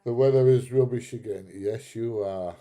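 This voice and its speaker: British guy on a morning stream, laughs a lot, says mate, deep mellow tone. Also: normal speed. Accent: British English. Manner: laughs often, self-mocking, calls people mate. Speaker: live stream host. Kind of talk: casual chat reading viewer comments.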